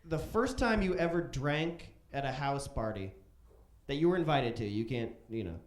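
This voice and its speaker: Animated comedian from Chicago in a roomy club. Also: male voice, medium pitch, normal speed. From Chicago, USA. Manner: animated, profane, jumps into loud voices for quotes. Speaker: stand-up comedian. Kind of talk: stand-up comedy storytelling. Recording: roomy club stage echo.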